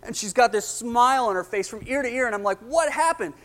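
A young man giving his testimony in a sermon, acting out the people in his story, excited at times and hushed at others. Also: extremely high pitch, fast talker. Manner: animated storytelling, acting out dialogue, rising excitement then hushed.

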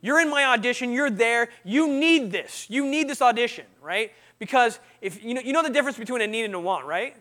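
A man sharing his testimony with students in an animated storytelling talk, often asking the audience questions. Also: extremely high pitch, brisk, hardly any pauses.

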